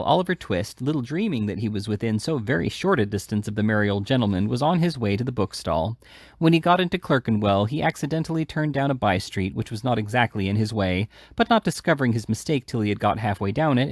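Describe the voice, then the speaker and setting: A man's voice: medium pitch, no echo, studio quality. A man reading a classic novel aloud in a casual way, with occasional slips and restarts. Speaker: reader. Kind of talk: audiobook reading.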